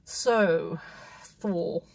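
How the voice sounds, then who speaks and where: A woman's voice: on the low side, extremely slow, darkish tone, dry recording. A woman hosting a casual film review chat, rambling and chatty with frequent laughs. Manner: rambling, chatty, laughs often, many restarts.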